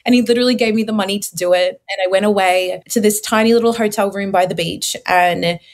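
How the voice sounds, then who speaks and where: A young woman from Australia, a guest sharing her faith story in an earnest, expressive way, with many fillers. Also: mid-range voice, fast talker. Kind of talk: testimony interview.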